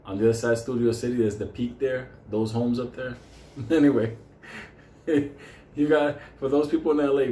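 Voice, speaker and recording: A man's voice: lowish voice, warm tone. A man telling a story casually, swearing constantly and chuckling between lines. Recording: roomy with faint background noise.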